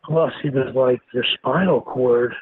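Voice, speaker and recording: Speaking at a measured pace in a medium-pitched voice, this male interview guest recounts a story bluntly, cursing heavily and staying animated throughout. The audio has a tinny, phone-like sound and some faint noise.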